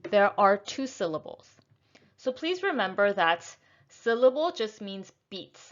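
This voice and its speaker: A woman teaching English pronunciation, speaking slowly and carefully and repeating each word twice so it can be heard. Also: medium pitch, dull audio. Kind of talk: pronunciation lesson.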